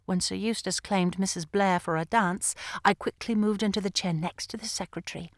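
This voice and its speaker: A woman narrating an audiobook in the first person, with an expressive, lively delivery. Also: medium pitch, normal speed, no room sound, clean studio sound. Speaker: audiobook reader. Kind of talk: scripted narration.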